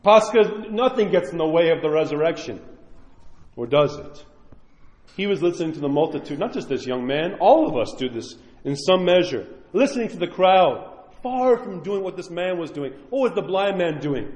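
A man preaching a sermon as a priest, impassioned, swinging from loud pleading to near-whispered prayer. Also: on the high side, lively intonation, normal speed. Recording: echoey church hall.

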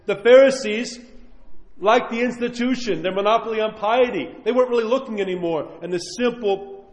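A man's voice: sits high, normal speed. A male priest preaching a sermon in a conversational, emphatic way, acting out the voices he quotes. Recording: echoey hall, long reverb.

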